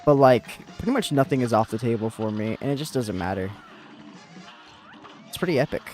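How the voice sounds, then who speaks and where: Rambling American guy with lively pitch. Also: brisk, soft background music. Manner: rambling, full of "like" fillers and restarts. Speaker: streamer. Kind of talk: casual chat while gaming.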